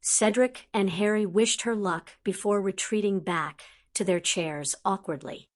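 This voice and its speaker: A woman narrating a fantasy fanfiction audiobook in an even, measured reading voice. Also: mid-range voice.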